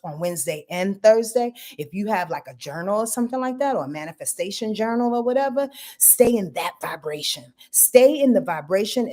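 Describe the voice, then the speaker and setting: A woman's voice: mid-range voice, darkish tone. A woman hosting a casual astrology forecast, brash and profane, playfully acting out quotes. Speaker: astrologer host.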